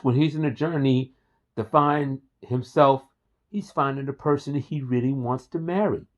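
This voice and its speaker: A man talking straight to camera in a relaxed, enthusiastic vlog. He rambles and repeats himself with a mid-pitched voice. The recording is dull and lo-fi. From Philadelphia. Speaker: host. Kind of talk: casual vlog monologue.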